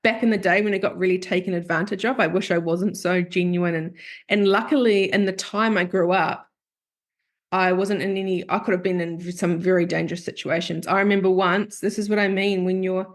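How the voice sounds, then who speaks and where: A woman's voice: fairly low pitch, fairly even intonation, fairly quick. A woman who hosts a podcast and works as a therapist, talking openly in a confessional, storytelling way. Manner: open, confessional storytelling that acts out remembered quotes. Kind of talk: candid podcast conversation.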